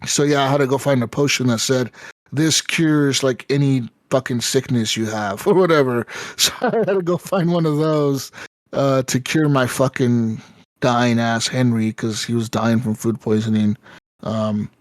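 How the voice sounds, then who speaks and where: A man co-hosting a gaming podcast, telling stories in a lively, casual way and swearing often. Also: medium pitch, normal speed, dry recording. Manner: animated storytelling, swears often. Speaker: podcast co-host. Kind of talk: casual chat.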